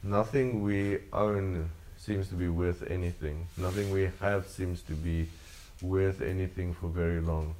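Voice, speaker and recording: A man with a very low voice delivering a sermon. His preaching is earnest and leans on repeated phrases. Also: fairly even intonation, measured pace, few pauses, darkish tone, a little hiss or hum. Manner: earnest, repetitive preaching cadence. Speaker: pastor.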